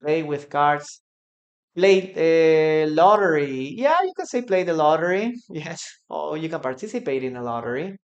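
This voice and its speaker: Slow, patient Peruvian-accented male teacher. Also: on the high side, sing-song, lo-fi sound. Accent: Peruvian Spanish. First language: Spanish. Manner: repeats phrases slowly for practice, answers viewers' comments. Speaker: English teacher. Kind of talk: live online English lesson.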